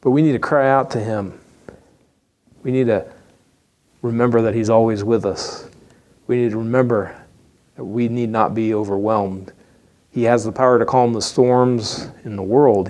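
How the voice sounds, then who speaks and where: A man's voice: fairly low pitch, darkish tone. A man preaching a sermon in a folksy, humorous, conversational storytelling way.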